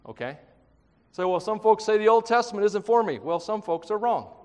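A man with a fairly high voice delivers a lively, conversational sermon, breaking into playful acted quotes and jokes. His voice rings out with a long reverb tail, as if filling a large hall. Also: a little fast. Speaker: pastor.

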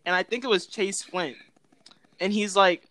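A young man with a high, bright and forceful voice, chatting casually as a podcast co-host. He tells his stories with a laugh and acts out the lines of the people in them. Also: moderate pace, no room sound. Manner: laughing storyteller, acts out quotes. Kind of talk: casual chat.

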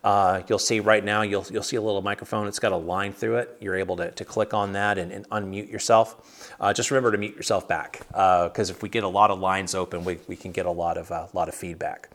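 Lower-voiced man leading an online Bible study. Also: fairly even intonation, a little fast, a bit bright. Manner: conversational, many restarts and fillers. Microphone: video call.

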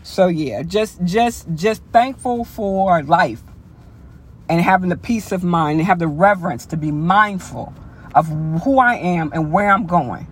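A woman's voice: fairly low pitch, expressive, unhurried, husky. A woman hosts a podcast with a loose, casual motivational monologue. She talks bluntly and emphatically, swears freely, and repeats key lines for weight. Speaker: podcast host.

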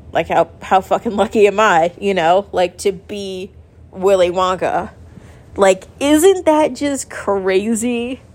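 A woman's voice: mid-range voice, darkish tone. A young woman telling a story casually in a vlog, chatty and emotional, saying "like" a lot. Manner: chatty, heavy use of "like", emotional. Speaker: vlogger.

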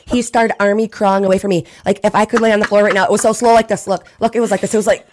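A woman in her thirties, a podcast guest, telling a story in casual chat, animated and laughing as she acts out scenes. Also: mid-range voice, very fast, noisy background.

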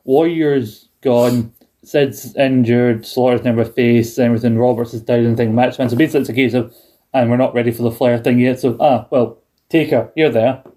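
A man's voice: mid-range voice, steady tone, moderate pace, warm tone. A British man in his thirties co-hosting a podcast, talking in a rambling way with many restarts. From United Kingdom. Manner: rambling, hesitant, restarts a lot. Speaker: podcast co-host. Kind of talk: casual chat.

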